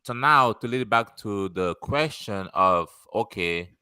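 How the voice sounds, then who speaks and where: A man's voice: fairly low pitch, lively intonation, slow pace, pushed and bright, clear, resonant tone, no room sound. A man hosting a podcast, joking with slang and laughing a lot. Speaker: podcast host. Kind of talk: casual podcast chat.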